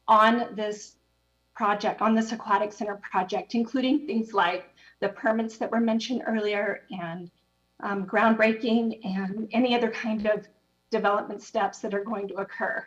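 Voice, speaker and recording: A winded woman speaks up at a city council meeting, her voice set a bit higher than most and heard through dull, lo-fi audio. She is out of breath, hurried and a little apologetic, and she leans on fillers as she goes. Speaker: public commenter. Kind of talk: public comment at a council meeting.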